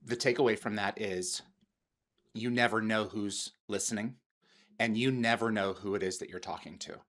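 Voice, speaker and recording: A man's voice: lowish voice, normal speed, a bit bright. A man hosting an interview, chatting and reflecting on a guest's story. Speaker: host. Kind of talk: casual interview chat.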